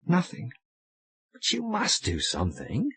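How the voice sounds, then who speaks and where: A man voicing a solemn young female ghost who speaks gravely and quietly in an audiobook. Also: mid-range voice, wildly swooping pitch, unhurried, voice pushed up, full character voice. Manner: grave, quiet, sometimes sharp. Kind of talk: audiobook character voice.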